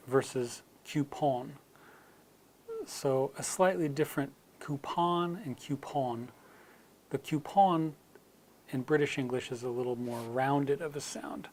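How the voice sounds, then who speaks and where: Slow, measured American pronunciation teacher. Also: medium pitch. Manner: measured, spells out and models example words, softly whispering some. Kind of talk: slide-based lesson.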